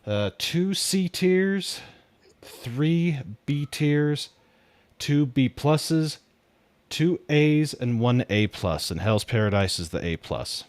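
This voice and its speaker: A man's voice: fairly high pitch, animated, slow, no echo. A man guesting on a casual podcast chat, giving an emphatic, matter-of-fact run through his rankings.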